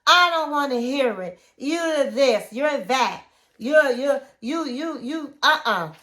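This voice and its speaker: A woman's voice: high voice, animated, measured pace, voice pushed up, full character voice. Woman putting on a furious girlfriend cutting him off. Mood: angry, dismissive. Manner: loud, cutting in, dismissive. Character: angry young woman shouting down her boyfriend.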